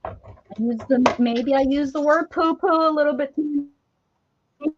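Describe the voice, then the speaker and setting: A woman's voice: high-pitched, a little slow. A woman hosting a craft livestream, chatting casually and jokingly as she opens her mail, laughing often. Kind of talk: casual chat while opening mail. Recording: dull lo-fi stream audio with faint hiss.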